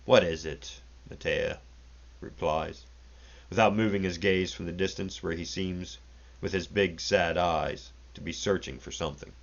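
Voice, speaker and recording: A man with a very deep, low voice reads a classic story aloud at a measured, deliberate pace. The sound is dull and lo-fi, with the top end muffled. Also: fairly even intonation, creaky. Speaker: narrator.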